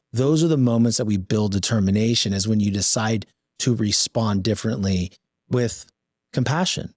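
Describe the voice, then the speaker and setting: Man, middle-aged, low-pitched, storytelling, voices the dialogue, dry close sound. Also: darkish tone, husky, no echo. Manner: storytelling, acting out dialogue with shifts in tone. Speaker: podcast guest. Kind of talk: casual conversation.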